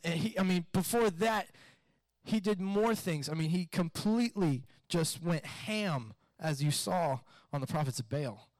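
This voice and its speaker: A high-pitched man delivers a sermon in an animated storytelling way, slipping into acted-out voices. The recording is dry and close, with no room sound. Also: no echo. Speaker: pastor.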